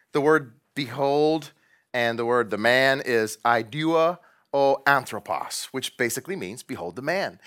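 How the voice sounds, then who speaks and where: Bright-voiced man preaching with drama. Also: medium pitch. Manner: dramatic, acts out quotes, varies loudness widely. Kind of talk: sermon. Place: room with a painting behind him.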